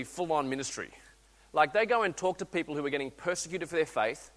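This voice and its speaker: A man in his thirties preaches a sermon in a high, bright voice. He tells stories animatedly, acting out voices and restarting his sentences. The sound carries the long reverb of a church hall. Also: brisk. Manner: animated storytelling, acts out voices, restarts often.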